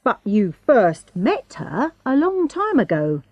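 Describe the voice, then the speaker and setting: Probing male inspector, read by a woman, pitched high, slow and lively, pointed questions in a dry close sound. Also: dry recording, highs cut off, exaggerated voice.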